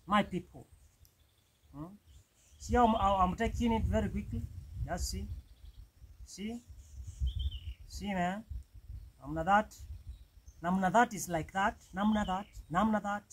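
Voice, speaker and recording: High-voiced Kenyan man vlogging outdoors. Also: a little slow, long pauses, slight background noise, poor audio. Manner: chatty, repeats "man" often. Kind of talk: casual cooking vlog. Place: outdoors in a village, cooking on a wood fire.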